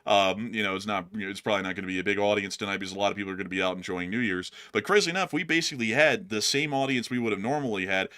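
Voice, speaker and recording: A man's voice: on the low side, rapid-fire, few pauses, pushed and bright, smooth. A man hosting a live news-commentary stream, talking in a rambling way with lots of fillers and repeated words as he thanks viewers. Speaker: host.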